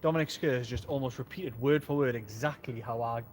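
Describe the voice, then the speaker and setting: A man hosting a football fan live stream, chatting and joking casually from pitchside at a stadium. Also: fairly quick, a little hiss or hum. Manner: chatty, jokey, rambling. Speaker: host of a football fan channel.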